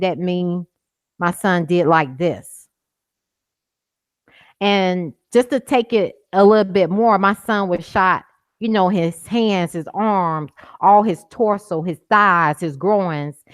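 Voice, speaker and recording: A middle-aged woman talks with a fairly low voice, driving home each point with insistent repetition. She sounds impassioned and close to tears at times, recorded dry and close with no room sound. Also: a little slow, no echo. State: emotional, near tears at times. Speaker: guest, mother of a man killed by police. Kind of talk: interview over a call.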